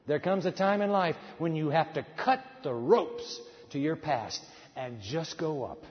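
A male pastor preaching a sermon, swinging between loud, fervent passages and hushed, quiet ones. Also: on the high side, unhurried. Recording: dull sound in a hall with long reverb.

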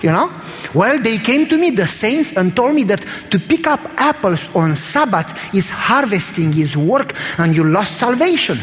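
A man's voice: sits high, sing-song, normal speed, fairly bright tone, long reverb tail. A man preaching a sermon in a church, telling stories in an emphatic, conversational way.

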